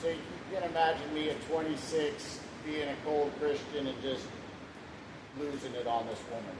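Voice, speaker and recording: A man in his thirties, casually telling his life story in a rambling, plainspoken way, now and then swearing. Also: medium pitch. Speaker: husband sharing his testimony. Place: room at home. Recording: echoey room with background hiss.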